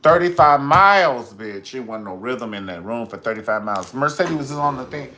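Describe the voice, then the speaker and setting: Animated, profane male show host. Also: medium pitch, moderate pace. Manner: animated, profane, dramatic squeals when quoting. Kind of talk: casual pop culture commentary.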